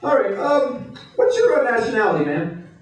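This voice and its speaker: A man doing stand-up with crude deadpan one-liners, his fairly high voice swinging widely in pitch. He is caught from a distance on a handheld mic in a very echoey hotel club. Loud audience laughter fills the room behind him. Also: normal speed. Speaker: stand-up comedian. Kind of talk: stand-up comedy set. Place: hotel comedy club stage, indoors. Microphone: handheld stage mic.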